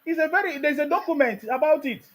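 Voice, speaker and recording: A man's voice: extremely high pitch, fast talker. A man with a Nigerian accent hosting a heated live call-in debate, combative and repeating his demands insistently. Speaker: host of a live call-in stream.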